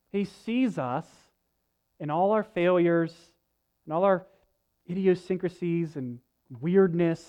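A pastor with a high, light voice delivers a sermon in an earnest, conversational way. He drops into folksy asides now and then. The recording sounds a little dull and lo-fi. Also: a little mellow.

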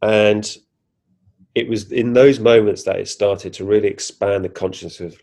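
A man's voice: on the low side, steady tone, moderate pace, gravelly, a little mellow. A man, a podcast guest animatedly retelling a personal experience, acting out his own reactions with frequent restarts. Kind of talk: casual first-person storytelling.

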